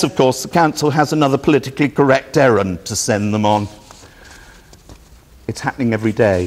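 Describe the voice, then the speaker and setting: A man giving a public talk in a meeting hall, telling a story with sardonic indignation and acting out both sides of the dialogue. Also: mid-range voice. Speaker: speaker at a public presentation. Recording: reverberant hall recording.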